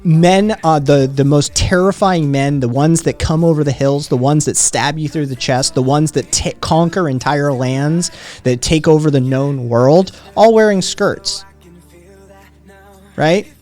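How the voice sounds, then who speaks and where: A man's voice: fairly high pitch, a little slow, darkish tone, faint music behind. A man hosting a livestream, chatting casually with viewers in a brash, teasing, profane way. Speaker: livestream host.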